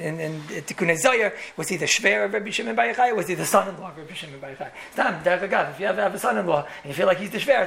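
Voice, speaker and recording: A man's voice: high voice, creaky, a bit bright, a little hiss or hum. A man, a rabbi, gives a Torah lecture in English full of Yiddish and Hebrew terms, telling stories with repeated words and chuckling asides.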